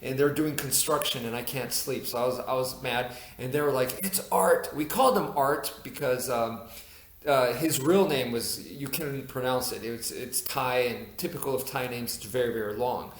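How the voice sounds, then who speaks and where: A man's voice: medium pitch, normal speed. Guy rambling through a story for his channel, lots of uh and um, echoey room. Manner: rambling, many fillers and restarts, laughs at himself. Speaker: YouTuber telling a personal story. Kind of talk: casual storytelling to camera.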